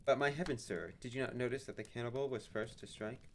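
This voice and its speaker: A man reading aloud and voicing an eager, excitable young male servant in a storybook reading. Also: medium pitch, quick pace, a little hiss or hum, lightly acted. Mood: indignant.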